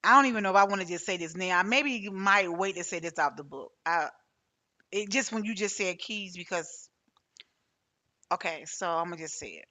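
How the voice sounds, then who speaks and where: A woman's voice: on the low side, moderate pace, bright, forceful tone. A woman hosting a podcast interview, talking casually and hesitantly, with many restarts as she tells a personal story. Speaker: podcast host.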